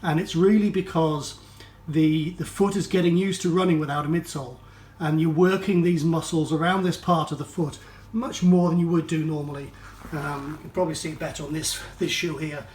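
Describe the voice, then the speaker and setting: Man, slight Geordie accent, fairly high voice, casual gear review, lots of ums, echoey room. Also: steady tone, fairly quick, a little mellow. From North East England. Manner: chatty, many fillers and restarts. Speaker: running shoe reviewer. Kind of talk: casual spoken product review. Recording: roomy echo.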